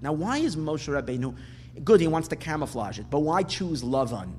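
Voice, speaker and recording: A man teaches a Torah lesson with a lively voice that rises and falls widely. He repeats words for emphasis and asks rhetorical questions. The recording has a long hall reverb with faint background noise. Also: on the high side. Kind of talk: lecturing on weekly Torah portion.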